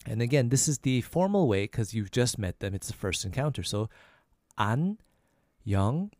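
A man hosting a language lesson podcast, repeating each phrase slowly and then faster so listeners can practice. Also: medium pitch, animated, darkish tone, dry recording, studio quality. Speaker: podcast host teaching Korean.

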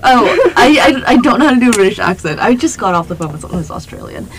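A young woman co-hosting a podcast, telling a lively story in casual chat with lots of fillers and laughter. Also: on the high side, fast, slight background noise, poor audio. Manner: animated, laughing, many fillers. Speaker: podcast co-host.

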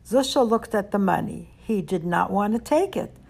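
A woman reading a children's story aloud, gentle and expressive. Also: mid-range voice, normal speed, vocal fry, breathy edge.

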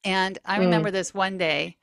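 A woman's voice: lowish voice, moderate pace, creaky, no echo, studio quality. A woman teacher chatting on a podcast, telling classroom stories and acting out what was said. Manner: storytelling, animated, acts out quotes. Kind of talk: casual podcast chat.

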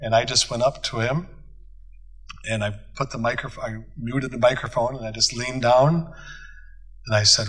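Husky folksy storytelling pastor, man. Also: medium pitch, steady tone, normal speed, pauses often, a bit bright, rough recording. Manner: folksy storytelling with quoted dialogue. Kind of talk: church conference teaching talk. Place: conference hall.

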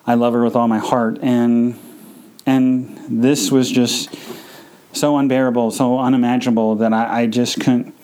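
A man hosting a podcast, telling a personal story in a halting, emotional way, full of fillers and restarts. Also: medium pitch, flat delivery, darkish tone, clear, resonant tone, rough recording. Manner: emotional, subdued. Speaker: podcast host.

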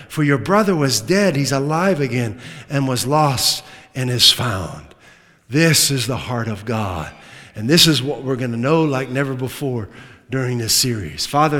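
A man preaching a sermon as a pastor, swinging from loud emphatic lines to hushed asides, with humorous remarks. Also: medium pitch. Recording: long reverb of a large hall.

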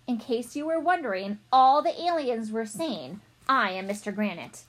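A woman reads a children's chapter book aloud in a playful, expressive way. Her voice sits fairly high, with lively swings in pitch and a soft, breathy edge. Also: normal speed, hardly any pauses. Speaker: reader.

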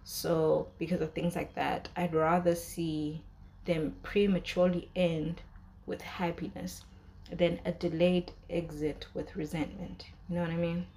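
A woman's voice: fairly low pitch, warm tone, a little hiss or hum. A young woman in casual commentary, talking emotionally about a drama's breakup with many fillers and restarts. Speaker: drama reviewer.

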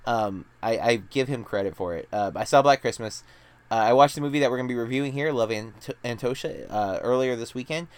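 A man's voice: mid-range voice, brisk, smooth, no echo. A man hosting a movie review podcast, talking in a loose, chatty way full of "like" and restarts. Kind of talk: casual chat.

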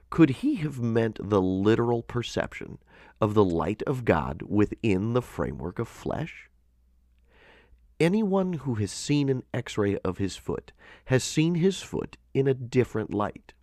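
A man narrating a devotional audiobook in a measured, expressive way with earnest emphasis. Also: on the low side, no room sound, studio quality.

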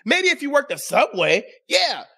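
High, animated man hosting a commentary show. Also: moderate pace, gravelly. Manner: sarcastic, exasperated, talks straight to the audience. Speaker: show host. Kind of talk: casual opinion commentary.

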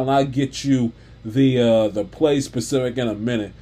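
A man's voice: medium pitch, fairly even intonation, normal speed, mellow. A man ranting off the cuff about a basketball game, exasperated and stumbling over restarts and repeats. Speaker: sports commentator. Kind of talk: unscripted basketball rant.

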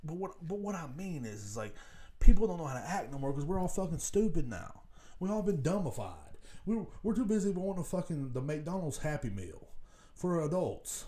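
A man in his thirties rants alone on his podcast, swearing freely and laughing at his own jokes. His voice is very dark and mellow, and it swings widely in pitch as he rambles. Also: very animated, normal speed. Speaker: podcast host. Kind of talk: casual solo rant.

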